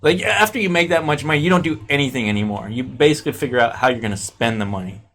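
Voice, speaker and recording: A man's voice: medium pitch, fast. A man chatting casually as a guest, joking and telling stories. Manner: animated, jokey storyteller. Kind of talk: casual chat.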